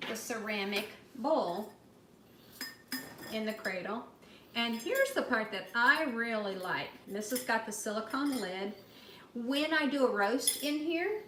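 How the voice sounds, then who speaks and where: A middle-aged woman giving a chatty, upbeat cooking demonstration and product pitch, talking straight to her viewers from a home kitchen. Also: a bit bright, roomy sound, far from the mic, slight background noise. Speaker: cooking demonstrator and sales consultant.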